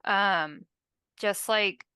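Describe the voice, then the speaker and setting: A woman's voice: medium pitch, extremely slow, pushed and bright, smooth, no echo. A woman player chatting casually about her character, giggly and chatty. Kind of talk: casual chat.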